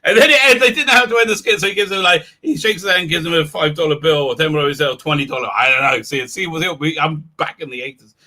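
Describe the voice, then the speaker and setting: English guy hosting a live stream, high bright voice, loads of uh uh restarts, crude jokes, bursts of laughing. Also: fast talker, few pauses. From England. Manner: rambling, crude, many filler restarts, bursts of loud laughter. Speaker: livestream host. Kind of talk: casual livestream chat.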